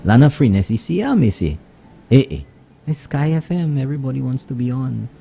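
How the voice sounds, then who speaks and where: A man with a Saint Lucian accent hosting a morning radio show, greeting listeners and mixing English with Kweyol in lively casual chat. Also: mid-range voice, fairly quick, creaky, slightly rough. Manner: switches between English and Kweyol, animated greetings.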